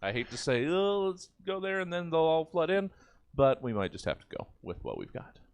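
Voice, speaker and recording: A man on an improv comedy live stream, reading viewer suggestions aloud with a lively, laughing manner over a video call. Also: a little high, brisk, clean tone, no room sound.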